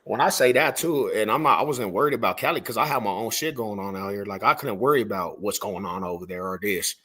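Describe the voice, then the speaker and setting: A man's voice: on the low side, quick pace, fairly bright tone, slightly rough. A man from Denver telling street stories in a casual podcast chat, slangy and rambling, full of "bro" and "homie". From Denver, Colorado.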